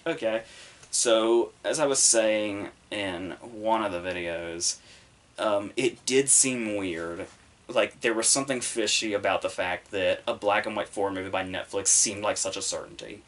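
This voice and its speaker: A man's voice: lowish voice, measured pace, fairly bright tone. A man hosting a podcast, giving casual solo commentary in a rambling, profane way full of fillers. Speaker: podcast host reviewing the Oscars.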